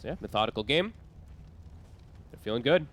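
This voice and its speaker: Male esports caster, North American accent, rapid lively delivery, faint hiss behind. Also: mid-range voice. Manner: animated, fast play-by-play with quick reactions. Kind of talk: live esports commentary.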